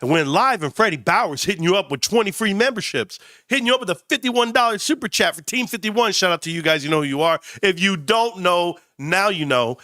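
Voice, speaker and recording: A man hosting a live stream, talking casually while sick with a sinus cold, rambling and telling animated stories. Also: high voice, fairly quick, few pauses, dry recording, studio quality.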